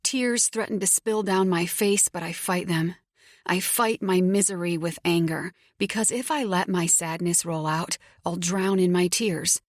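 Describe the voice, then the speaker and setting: A woman giving steady, intimate first-person narration of a romance audiobook. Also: lowish voice, measured pace, no room sound, clean studio sound.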